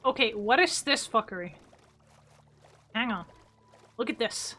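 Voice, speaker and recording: A woman streaming a game casually, giggling often, swearing freely and breaking into loud exclamations. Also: a little high, unhurried, long pauses, faint music behind. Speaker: livestreamer.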